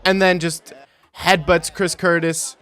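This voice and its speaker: A young man in his twenties giving casual, animated and mocking commentary over fight replays. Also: fairly high pitch, slow, clear, resonant tone. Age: 20s. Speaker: video commentator.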